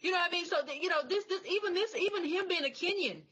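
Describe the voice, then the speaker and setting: A woman's voice: extremely high pitch, fast talker, sharp tone, lo-fi sound. A woman guest giving conversational political commentary, chatting and laughing between points, with many restarts.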